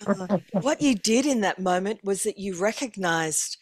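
A woman in a casual group conversation, musing aloud in a halting way and repeating words. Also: mid-range voice, animated, no echo.

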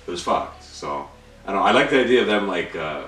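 A young man co-hosting a trailer reaction, chatting casually, excitable and swearing, his voice jumping up when worked up. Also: deep voice, brisk. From Canada. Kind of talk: casual chat. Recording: echoey room, distant mic, faint music.

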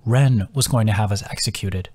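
A man's voice: on the low side, normal speed, a little mellow, husky. A man voicing a worried young male companion who talks bluntly and swears freely. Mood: exasperated.

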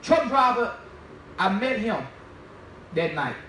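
A man preaches his testimony with a high, bright voice, telling the story with animation and slipping into the voices of the people in it. He stands away from the mic, and the room rings with heavy echo under a faint background hiss. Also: slow. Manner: animated storytelling, acts out dialogue. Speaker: minister giving testimony. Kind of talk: testimony sermon. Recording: very echoey, distant from the mic.

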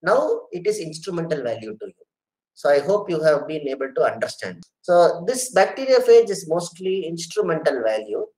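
A middle-aged man from India leads an earnest online lecture with audience questions, addressing people as sir and madam and repeating his phrases. His voice is a little high and darkish in tone, sing-song at a moderate pace, in a rough recording.

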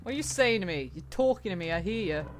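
A woman's voice: mid-range voice, animated, fast talker, slight background noise. A young woman playing a horror game, chatting to the characters, swearing and laughing in panic. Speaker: gaming YouTuber. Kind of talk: horror game let's play commentary. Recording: faint music behind.

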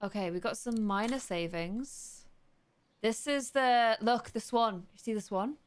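A young woman hosting a let's play, chatting curiously and reading game text aloud slowly as she thinks. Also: on the high side, clean tone.

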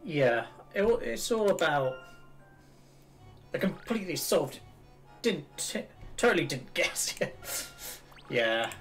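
A man's voice: a little high, big pitch swings, slow, pauses often, a bit bright, soft background music. A man streaming a video game, chatting casually in a self-mocking way and reading the dialogue aloud. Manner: chatty, self-mocking, laughs at his own jokes.

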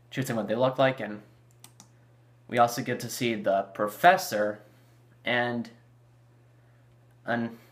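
A man's voice: mid-range voice, bright, forceful tone. Chatty young-sounding gaming vlogger man. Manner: chatty, rambling with fillers and restarts. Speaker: YouTube gaming channel host. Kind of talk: casual video commentary.

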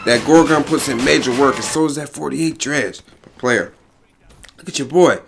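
A man giving energetic, boastful gameplay commentary full of slang and frequent laughs. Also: medium pitch, moderate pace, vocal fry. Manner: boastful, hype, slang-heavy, laughs often. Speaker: gaming YouTuber. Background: faint background music.

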